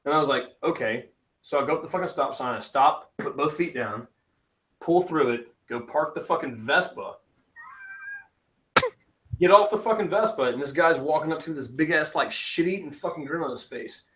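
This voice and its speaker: A man's voice: a little high, moderate pace, a little hiss or hum. A man hosting a live stream from a garage, telling a long casual story and swearing constantly. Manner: swears constantly, animated anecdotes. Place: home garage.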